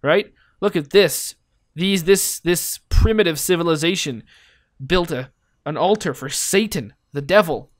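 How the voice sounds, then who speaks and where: A man's voice: on the high side, a little slow, dry recording, studio quality. A man commenting casually on a geography game, rambling and asking himself playful questions as he thinks aloud. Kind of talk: casual let's-play commentary.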